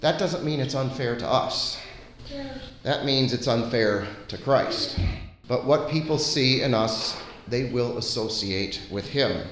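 A man preaching a sermon in an earnest, conversational way, pausing often between phrases. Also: mid-range voice, a bit bright, echoey room, rough recording.

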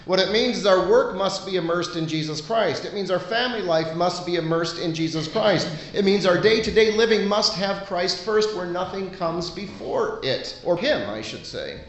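A man's voice: high voice, animated, muffled recording, slight background noise. Earnest man preaching in an echoey room. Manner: earnest, conversational preaching with frequent pauses. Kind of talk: sermon.

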